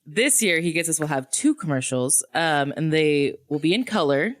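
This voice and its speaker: A woman's voice: low-pitched, animated, moderate pace, no room sound, studio quality. A woman co-hosting a podcast, sharing news items in an upbeat, informative way. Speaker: podcast co-host reading news. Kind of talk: casual chat.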